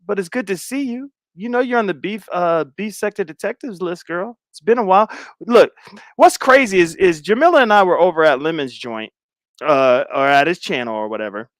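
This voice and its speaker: A middle-aged man hosts a casual livestream, greeting viewers and teasing them as he goes. His voice sits a little high and swings up and down. The sound is dry and close to the mic. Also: animated, a little fast, no echo. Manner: playful, teasing, laughs often. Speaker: livestream host. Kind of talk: casual chat reading viewer comments.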